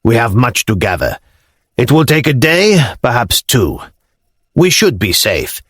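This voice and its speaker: A man reading as a deep-voiced older Norman lord, blunt and commanding, his pitch lowered and swinging widely through each line. He speaks plainly and forthrightly, in a dry, close storybook read. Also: very animated, a little slow, fairly bright tone, no room sound. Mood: friendly, decisive.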